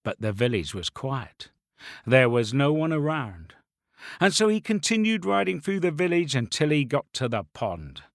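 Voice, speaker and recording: A man's voice: mid-range voice, very animated, normal speed, vocal fry, no room sound, studio quality. A man telling a children's folk tale, playfully talking straight to his young listeners. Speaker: storyteller. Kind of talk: children's storytelling.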